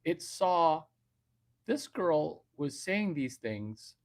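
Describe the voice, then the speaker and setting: A man's voice: fairly high pitch, very animated, extremely slow. A man hosting a livestream, telling a crude, boastful, rambling comic story.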